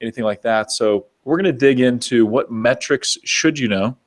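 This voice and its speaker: A man's voice: mid-range voice, moderate pace. A man hosting a business interview show, enthusiastic and chatty, often restarting his words. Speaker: podcast host. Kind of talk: upbeat show host chat.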